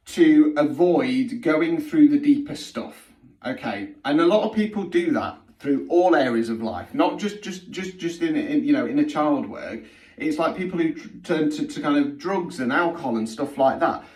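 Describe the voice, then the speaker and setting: A man's voice: on the high side, darkish tone, distant mic. A middle-aged man, giving a blunt, sweary spiritual healing talk that he keeps punctuating with "okay?". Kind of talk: blunt direct-to-camera monologue. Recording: roomy sound from off the mic.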